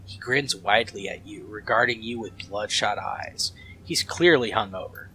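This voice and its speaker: A man hosting a let's play, reading the game's text aloud in a plain, steady way. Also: on the low side, normal speed, a little hiss or hum, low-quality recording.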